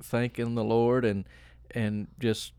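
A preacher co-hosting a casual chat, rambling with restarts and frequent laughter. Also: male voice, mid-range voice, flat delivery, takes it slowly, warm tone, smooth, no room sound, studio quality. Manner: rambling, laughs often, self-correcting restarts. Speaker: preacher and podcast co-host.

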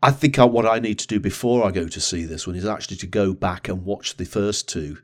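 A man's voice: deep voice, brisk. A man co-hosting a podcast, talking conversationally with hesitant restarts. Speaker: podcast co-host. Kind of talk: casual podcast chat.

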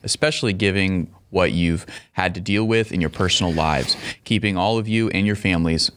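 Male co-host with a very deep voice, laid-back delivery as he reads out comments. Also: fairly quick, slight background noise. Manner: relaxed, hesitant, reads viewer comments. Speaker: co-host reading live chat. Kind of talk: casual live-stream chat.

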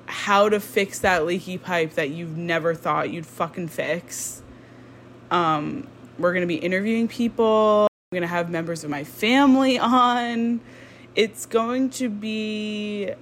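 A woman in her twenties hosts her own podcast at home, talking in an easy, unhurried, rambling way. She is candid and casual, full of ums and sudden asides. A faint room ambience sits behind her voice. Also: fairly low pitch, slight background noise. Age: 20s. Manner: rambling, candid, with frequent ums and self-interruptions. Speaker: podcast host. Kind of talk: casual solo podcast chat. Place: indoors at home.

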